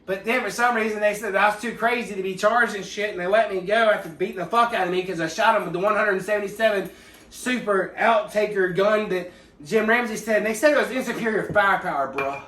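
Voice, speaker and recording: A man telling a rambling, profane comedic story in a deadpan way, full of tangents. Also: sits high, fast talker. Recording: echoey room, distant from mic.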